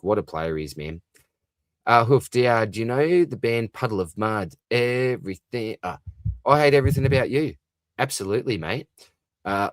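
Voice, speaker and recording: A young man with an Australian accent talks easily into a close, dry microphone at home. His voice sits on the low side as he answers viewer comments one after another in a relaxed livestream chat. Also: no room sound. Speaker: fantasy football livestream host. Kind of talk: late-night casual livestream chat.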